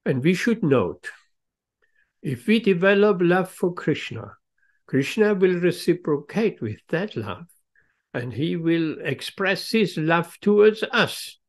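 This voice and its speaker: A man giving a devotional lecture, telling a story slowly and stressing key words. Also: sits high, big pitch swings. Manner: slow, emphatic, leans on key words.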